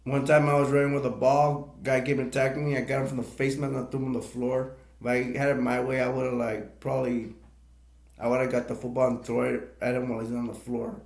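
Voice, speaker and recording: A man's voice: mid-range voice, little pitch movement, a little fast, darkish tone. A man rambling emotionally through tears in a live stream monologue, repeating himself as he talks. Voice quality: gravelly. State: crying. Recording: echoey room.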